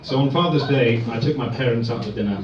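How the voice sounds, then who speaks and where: Deadpan man doing stand-up from afar. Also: medium pitch, fast, far from the mic, crowd noise. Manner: deadpan one-liners. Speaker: stand-up comedian. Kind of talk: stand-up set. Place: comedy club room. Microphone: far phone recording. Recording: echoey dull phone recording from afar.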